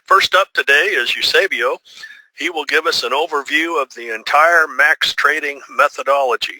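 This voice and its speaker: A man's voice: medium pitch, normal speed, pushed and bright, no echo, poor audio. A man hosting a trading webinar, reading announcements and introducing the first speaker. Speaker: webinar host.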